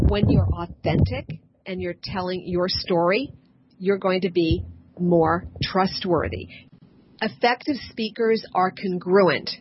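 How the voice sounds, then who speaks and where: A woman's voice: medium pitch, a little hiss or hum. A woman communication coach explaining in an interview, emphatic and repeating her key points. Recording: dull lo-fi recording.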